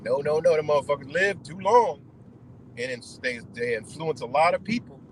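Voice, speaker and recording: A man's voice: a little high, moderate pace, a little hiss or hum, low-quality recording. A man hosting a livestream, ranting casually in a rambling, profane, emphatic way. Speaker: livestream host.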